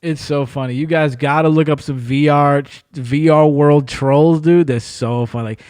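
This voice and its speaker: Animated man telling stories, slightly high voice. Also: moderate pace, smooth. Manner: animated storyteller, says bro and dude often. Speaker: podcast host. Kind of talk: casual chat.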